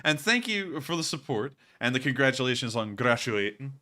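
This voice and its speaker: A man's voice: medium pitch, big pitch swings, moderate pace, bright, forceful tone. A man hosting a live stream, chatting casually in a rambling, wry way with lots of fillers. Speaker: host of a war news live stream.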